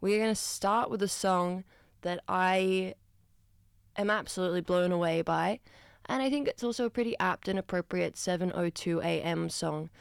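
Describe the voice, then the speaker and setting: A woman's voice: fairly low pitch, moderate pace, vocal fry, clear, resonant tone, no echo, clean studio sound. A woman hosting breakfast radio, talking in a chatty, self-deprecating way full of rambling asides. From Australia. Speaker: radio host. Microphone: studio microphone.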